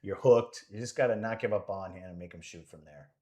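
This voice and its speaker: A man's voice: low-pitched, fast, darkish tone. A man giving casual live commentary on a pool match, rambling and joking as he thinks aloud about the shots.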